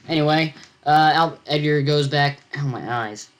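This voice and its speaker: A teenage boy reading his own science fiction story aloud, stopping often to comment and explain. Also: fairly high pitch. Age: teens. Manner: halting, self-interrupting, comments on own text.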